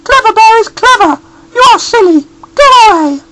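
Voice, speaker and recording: A man voicing a stern mother bear who shouts strangers away from her door in a shrill voice. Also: expressive, moderate pace, heavy background noise. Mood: indignant.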